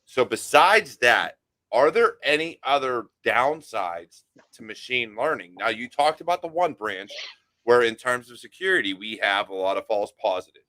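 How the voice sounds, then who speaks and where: A man's voice: medium pitch, lively intonation, normal speed, sharp tone, no room sound. A man hosting a casual interview, blunt and outspoken, swearing freely. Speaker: podcast host.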